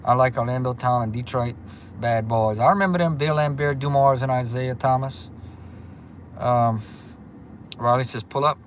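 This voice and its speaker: A man's voice: medium pitch, normal speed, long pauses, slight background noise. A man hosting a casual livestream, chatty and upbeat as he reads viewer comments and greets people by name. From Louisiana. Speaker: livestream host.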